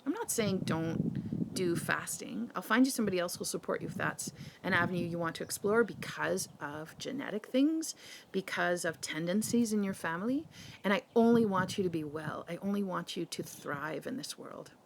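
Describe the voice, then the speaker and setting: A woman's voice: lowish voice, expressive, moderate pace, vocal fry, noisy background. A woman from Canada, a health and nutrition coach, talking straight to her viewers in a passionate, rambling way full of rhetorical questions. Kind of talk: casual direct-to-camera monologue.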